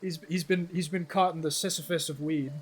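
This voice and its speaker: A man's voice: a little high, steady tone, brisk, husky, faint music behind. A man streaming a game with casual, profane, rambling commentary, easily delighted by small things.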